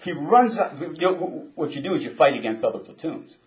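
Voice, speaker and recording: An older man and former Marine telling a story in a casual interview, chuckling often and halting with restarts. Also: a little high, animated.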